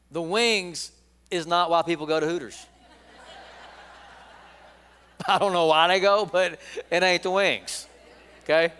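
A man's voice: high voice, a bit bright, smooth, long reverb tail. A middle-aged man, a pastor, preaching a sermon in a folksy, joking way and calling his congregation to repeat lines after him.

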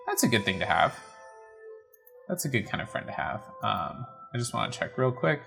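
A man's voice: on the low side, sing-song, moderate pace, creaky, music in the background. A man streaming a game playthrough, chatting in a wry, easily amused way at a desk mic. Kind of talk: casual live game playthrough commentary. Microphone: webcam setup with desk mic.

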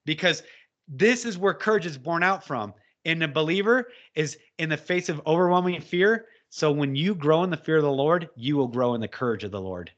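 Bright-voiced fervent preaching man. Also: fairly high pitch, expressive, normal speed. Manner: impassioned, exhorting, rising to shouts when quoting. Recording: dull lo-fi audio.

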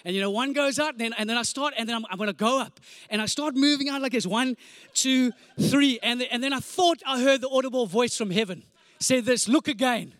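A man in his forties with a strikingly high voice preaches a sermon. He tells stories comically, acting them out with sound effects and repeated phrases. The recording is dry and close, with no room echo. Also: brisk, a bit bright. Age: 40s. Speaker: pastor. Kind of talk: storytelling sermon.

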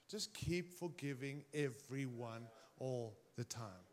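A man preaching a sermon, speaking emphatically and straight to his congregation, swinging his pitch and volume widely. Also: expressive, unhurried, hardly any pauses.

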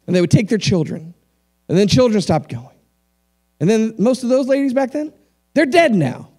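A middle-aged man preaching from the pulpit in a fairly high voice. He reads scripture aloud, then drops into blunt, plain-spoken asides to his congregation. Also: a little mellow. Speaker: pastor. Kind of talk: sermon.

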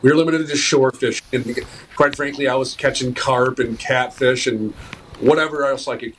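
A man in casual chat about fishing, speaking in a measured, agreeable, matter-of-fact way. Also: mid-range voice, steady tone, a bit bright, a little hiss or hum, low-quality recording.

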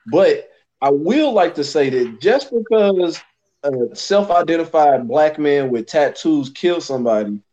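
A man's voice: a little high, expressive, unhurried, mellow, lo-fi sound. A man co-hosting a podcast, arguing earnestly in casual streetwise slang. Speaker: podcast co-host. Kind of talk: casual chat.

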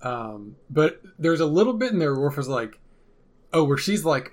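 A man's voice: medium pitch, expressive, normal speed. A man co-hosting a casual podcast about a TV episode, making dry, sarcastic jokes. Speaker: podcast co-host.

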